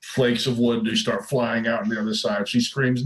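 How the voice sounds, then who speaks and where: Casting: relaxed male game master, mid-pitched, unhurried narration of a tabletop session. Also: low-quality recording.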